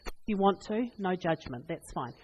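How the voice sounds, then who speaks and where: A woman preaching a sermon, telling funny family stories with laughs and lively asides. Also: fairly low pitch, normal speed, muffled recording, a little hiss or hum. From New Zealand. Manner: animated, laughing, chatty anecdotes. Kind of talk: humorous storytelling sermon. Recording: long reverb in a hall.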